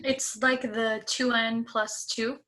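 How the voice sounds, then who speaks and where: A young woman works through answers slowly and hesitantly, filling pauses with ums as she thinks aloud. Her voice sits a little high, with faint noise behind it. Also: little pitch movement, bright, forceful tone, poor audio. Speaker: student. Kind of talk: answering in a tutoring session.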